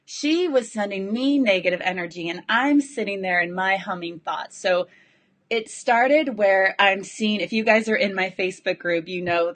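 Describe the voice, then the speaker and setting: Breathless woman coach, excitable and rambling, chatting live to her followers. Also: fairly low pitch. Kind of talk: live video chat to followers.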